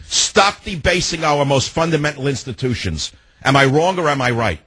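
A man's voice: on the high side, lively intonation, normal speed, bright, forceful tone, slightly rough, no echo. An older man hosting a call-in radio talk show, ranting indignantly and firing off emphatic rhetorical questions.

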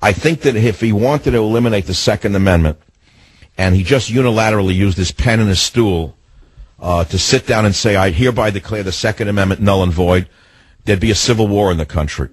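A man's voice: on the low side, fairly quick, husky, no echo, rough recording. An older man hosting a political talk radio show, delivering an emphatic, combative monologue with lots of repetition.

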